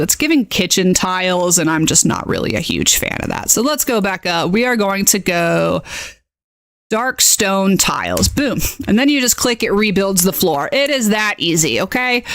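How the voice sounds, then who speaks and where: This woman's voice is on the low side, captured in a dry recording with clean studio sound. She's a game master running a casual live-stream tutorial, talkative and excitable, reacting aloud to each click and adding "okay?" to her sentences.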